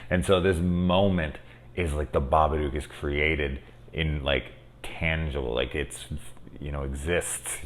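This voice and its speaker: A man hosting a casual spoiler film review, excitable and rambling, swearing freely and saying "like" a lot. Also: extremely low pitch, unhurried, a little hiss or hum.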